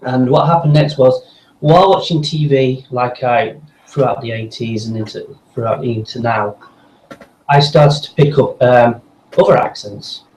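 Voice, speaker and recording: A man guest on an interview show, recounting his path in a casual, rambling way full of ums and restarts. His voice sits in an echoey room with a faint hum underneath. The delivery is conversational and unhurried. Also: mid-range voice, a little mellow. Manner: rambling, many fillers and restarts. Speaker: voice actor guest. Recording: roomy echo with faint background hum.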